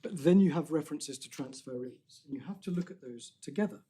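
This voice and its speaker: A man arguing an appeal before judges in a courtroom, speaking formally, measured and deliberate, often restarting his phrases. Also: on the high side, warm tone, slight background noise.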